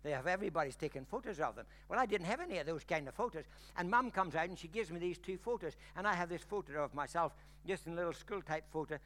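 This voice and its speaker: An older man preaching with a bright, forceful voice pitched a little high. He tells a story from his own life, then builds up to loud, ringing exclamations. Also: lively intonation, quick pace, hardly any pauses. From Ireland. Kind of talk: sermon with personal story.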